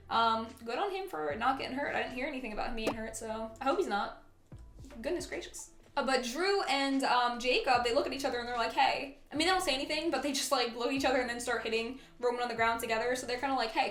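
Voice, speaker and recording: Woman, excitable casual recap voice, fairly high-pitched, roomy echo with faint music behind. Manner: chatty, excitable, frequent fillers and giggles. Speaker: wrestling commentary vlogger. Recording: echoey room with faint music.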